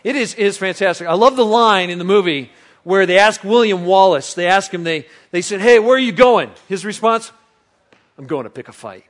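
A man preaching a sermon, bantering playfully with the congregation, then turning soft and reflective. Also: high-pitched, normal speed. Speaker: pastor.

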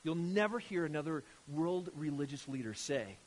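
A man preaching a sermon from scripture, animated and emphatic, firing rhetorical questions at his listeners. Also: fairly high pitch, moderate pace, slight background noise.

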